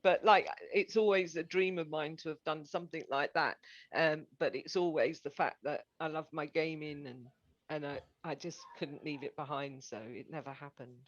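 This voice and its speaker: A woman's voice: deep voice, fairly even intonation, moderate pace, dry recording, dull audio. Giggly woman chatting on a podcast. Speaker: podcast co-host. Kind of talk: casual chat.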